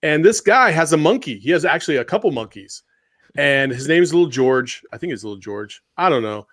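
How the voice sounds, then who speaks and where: A man's voice: on the high side, lively intonation, fairly quick, a bit bright. A man hosting a podcast, talking in a laid-back way and laughing easily. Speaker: podcast host. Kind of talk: casual chat.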